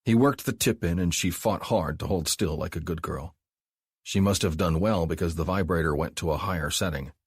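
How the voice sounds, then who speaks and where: A man narrating an audiobook in a calm, even storytelling manner. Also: low voice, normal speed, slightly rough, dry recording, studio quality. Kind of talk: scripted narration.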